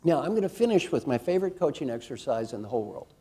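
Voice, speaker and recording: A man speaking from a conference stage with a mellow, relaxed tone. He drives his points home with repeated questions to the crowd, then eases into a slow, quiet guided reflection. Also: mid-range voice, slightly rough. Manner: energetic and emphatic, asks the audience questions; slows and drops softly for a guided reflection. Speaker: speaker giving a talk on coaching. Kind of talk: motivational keynote talk. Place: conference hall before a live audience.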